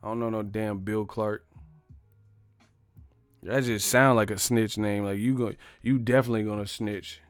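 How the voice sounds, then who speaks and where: A man's voice: lowish voice, fairly even intonation, moderate pace, pauses often, no room sound, soft background music. A man hosting a live stream, riffing on chat with profane, laughing commentary.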